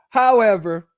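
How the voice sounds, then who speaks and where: A man's voice: high voice, no room sound, clean studio sound. A man giving sermon-style political commentary, preachy and sarcastic, calling his listeners family.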